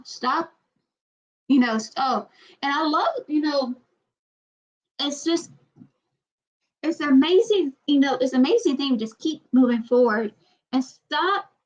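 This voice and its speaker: A woman's voice: high voice, highs cut off. A woman with a light Southern US accent, chatting casually and bluntly in a rambling vlog. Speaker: vlogger. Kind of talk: casual chat.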